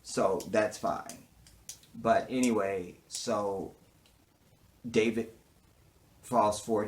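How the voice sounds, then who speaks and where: A man with a lowish voice recapping a TV episode in a casual, sassy way. He swears freely and jumps from hushed, murmured asides to loud outbursts. He acts out the characters' lines as he goes. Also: fairly even intonation, very slow, long pauses. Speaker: TV show reviewer. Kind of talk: casual, animated recap with quoted dialogue.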